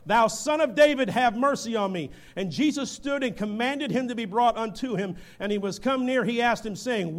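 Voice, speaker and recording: A man preaching a fervent sermon in a church, building from reading scripture to shouting exhortation. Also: very high voice.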